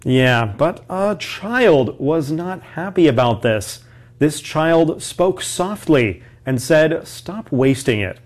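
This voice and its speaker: A man teacher slowly explaining story words for English learners, with light jokes. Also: a little high, lively intonation.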